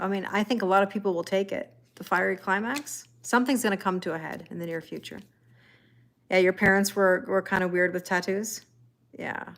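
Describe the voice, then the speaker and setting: A woman's voice: medium pitch, fairly bright tone. Chatty woman hosting a live tarot stream. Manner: chatty, rambling, laughs often. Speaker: tarot reader. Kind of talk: live-stream chat reading viewer comments.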